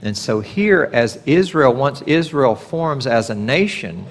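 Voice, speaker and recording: Guy teaching a bible portion, chatty sermon, mid pitch, acts out the quotes. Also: lively intonation, measured pace. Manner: conversational, acts out God's voice in quotes.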